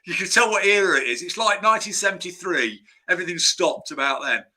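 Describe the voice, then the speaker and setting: Speaking quickly with lively intonation, a man with a very bright, fairly high voice appears as a screenwriter guest in a casual interview. He rambles through anecdotes, often stopping to start his sentences over.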